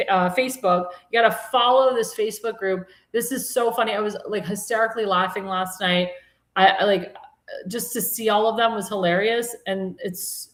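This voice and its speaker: A woman hosting a live-stream talk show, chatting in a rambling, casual way and laughing at her own jokes. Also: medium pitch. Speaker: host. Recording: echoey room.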